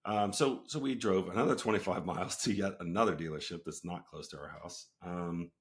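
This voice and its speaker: A middle-aged man hosting his own show, telling a story in a relaxed way with lots of fillers and asides. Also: low-pitched, a little fast. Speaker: host, company founder. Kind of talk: casual storytelling talk.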